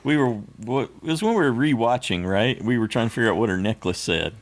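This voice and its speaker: A man's voice: medium pitch, expressive, fast. A man co-hosting a podcast, chatting casually in an easygoing way and chuckling often. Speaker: podcast co-host. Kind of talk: casual chat.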